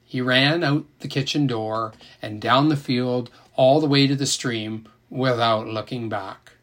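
Male narrator with a mid-range voice, audiobook style, expressive and emotionally engaged. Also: medium pitch, unhurried.

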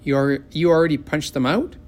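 A man voicing a suspicious, demanding little girl with a shrill, whiny voice in a storybook reading. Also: fairly even intonation, fairly quick, natural voice.

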